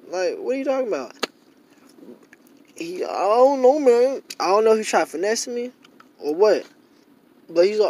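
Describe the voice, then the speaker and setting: A man's voice: sits high, big pitch swings, moderate pace, long pauses, darkish tone. A young man in a casual monologue to camera, rambling and repeating himself with many fillers, growing heated and emphatic. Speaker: vlogger.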